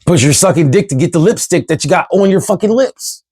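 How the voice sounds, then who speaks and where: A man's voice: high-pitched, lively intonation, a little fast, darkish tone, breathy edge, dry recording. Exasperated, cursing man ranting to camera. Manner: exasperated, profane, rhetorical questions. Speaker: vlogger. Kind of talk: candid ranting monologue.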